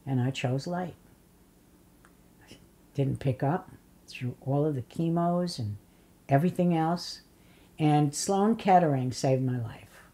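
An older woman with a slightly low voice recalls her life in a long interview. She is blunt and funny, swears freely and slips into voices for the people in her stories. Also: dark tone. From Polish immigrant family. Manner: blunt storyteller, acts out voices and curses. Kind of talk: oral history interview.

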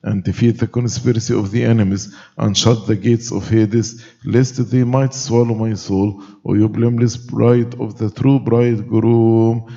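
A man recites liturgical prayers in a solemn, measured way, his tone mellow and warm. The sound is dull and lo-fi, with a long reverb from a large church. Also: lowish voice, little pitch movement, gravelly. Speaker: clergy leading the liturgy.

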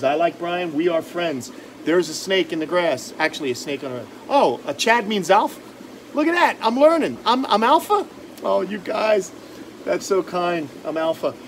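Beside a pond outdoors, a man who runs a reptile channel hosts a casual live stream, upbeat and joking as he reads viewer comments aloud. His voice sits high, and there's a little hiss or hum.

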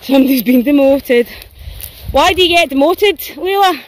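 A woman's voice: high voice, expressive, normal speed, noisy background. Chatty Scottish woman walking dogs in woods. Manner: chatty, playful and sweary, talks to the dogs. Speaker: dog walker. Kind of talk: casual walking vlog. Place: outdoors in a wet forest. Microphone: handheld phone while walking.

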